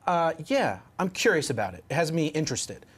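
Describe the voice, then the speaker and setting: Male movie-panel regular, casual and emphatic, a touch high-pitched. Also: big pitch swings, brisk, husky. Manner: conversational, questioning, emphatic. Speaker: panelist, film writer.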